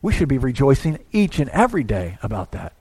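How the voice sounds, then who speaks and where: A man preaching a sermon in a church, talking conversationally and acting out little asides as he swings between quiet and loud. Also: mid-range voice, sing-song, a little fast, breathy edge. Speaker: pastor.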